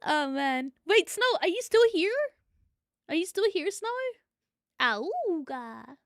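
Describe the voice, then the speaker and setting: A woman from New Zealand with a New Zealand accent, chatting excitably on a live stream, a bit out of breath and swearing freely. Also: very high voice, unhurried, no echo, clean studio sound. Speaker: VTuber streamer.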